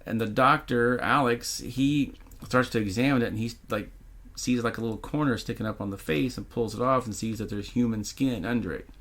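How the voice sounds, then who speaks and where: A man's voice: mid-range voice, brisk, a bit bright. A man co-hosting a podcast, recapping a horror film's plot in a laid-back, casual storytelling way. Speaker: podcast co-host.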